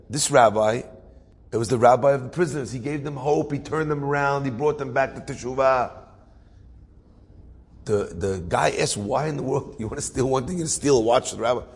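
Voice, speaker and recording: A man telling a story in a lively sermon, with asides, acting out voices. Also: medium pitch, husky, in a large hall. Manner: animated storyteller with asides and laughs.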